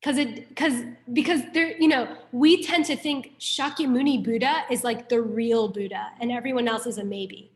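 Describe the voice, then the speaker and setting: A woman's voice: a little high, normal speed, hardly any pauses. A young woman from New York City teaching a Buddhist class in a casual, chatty way, telling stories and peppering her talk with "like". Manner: chatty, frequent "like", animated storytelling.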